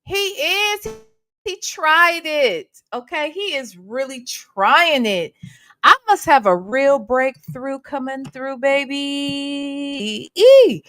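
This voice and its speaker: Sassy high-voiced woman livestreaming. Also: very animated, takes it slowly, fairly bright tone, no echo. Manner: sassy, playful, greeting viewers by name. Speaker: livestream host. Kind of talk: casual livestream chat.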